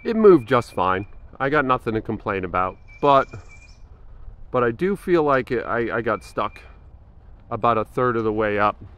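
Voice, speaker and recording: A man's voice: mid-range voice, sing-song, moderate pace, a bit bright. A man in his forties talking casually in a fitness vlog, thinking aloud with frequent fillers and restarts. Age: 40s. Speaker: fitness vlogger.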